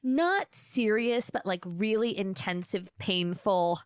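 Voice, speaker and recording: A woman in her thirties hosts her own podcast and tells comic stories. She talks in a lively, profane way and slips into quick impressions of the people she quotes. Her pitch sits in the middle range, and the recording is close and dry. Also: smooth, dry recording. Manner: animated, profane, mimics people in quoted bits. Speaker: podcast host. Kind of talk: solo comedic storytelling.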